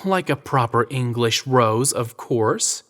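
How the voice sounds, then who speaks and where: A man's voice: mid-range voice, lively intonation, slow pace, fairly bright tone. A man voicing a teasing American woman photographer. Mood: playful. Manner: playful, teasing, coy. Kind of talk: audio drama reading.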